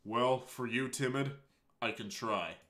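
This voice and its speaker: Brief: man reading as a shy teen girl in a visual novel, tearful, halting, bright edge. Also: mid-range voice. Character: shy, anguished teenage girl.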